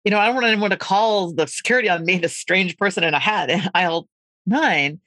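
Guesting on a podcast, a middle-aged American author gives an animated, conversational interview, telling stories warmly and tossing in quick asides. Her somewhat low voice rings with bright energy. The recording is dry and close, with no room sound.

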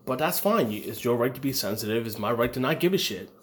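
A man's voice: medium pitch, animated, fast. Blunt, profane man telling stories. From United States. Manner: blunt, profane storytelling with acted quotes. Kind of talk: casual chat.

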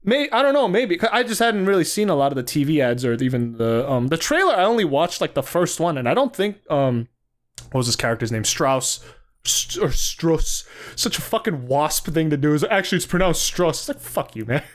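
A man's voice: on the high side, sing-song, fast. A man co-hosting a podcast in casual chat, rambling with many fillers and frequent laughter. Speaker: podcast co-host.

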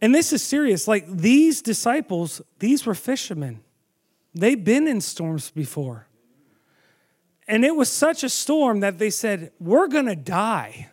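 A man preaching a sermon, telling the story with animated storytelling and asking the audience questions. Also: sits high, measured pace.

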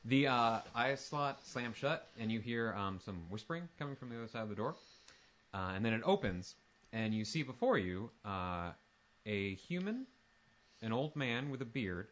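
A man's voice: mid-range voice, expressive, moderate pace, fairly bright tone. A man narrating as dungeon master, rambling with lots of fillers and restarts. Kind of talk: tabletop game narration.

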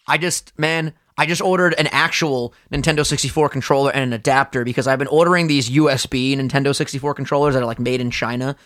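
A young man co-hosting a podcast, chatting casually in an excitable, slangy way with plenty of swearing. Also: medium pitch, fast, hardly any pauses. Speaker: podcast co-host.

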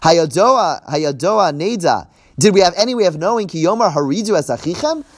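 A man's voice: sits high, lively intonation, brisk. A man teaching a text-study class, who reads verses aloud, translates them line by line, acts out the quoted speakers and keeps checking in with his listeners. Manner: explains step by step and checks in with "right?". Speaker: Bible teacher.

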